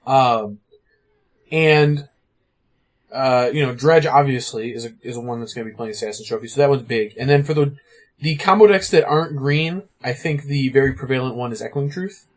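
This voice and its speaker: A man co-hosting a podcast, chatting casually about card game strategy, full of "like" and "you know". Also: medium pitch. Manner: fast, filler-heavy, lots of "like" and "you know". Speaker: podcast co-host.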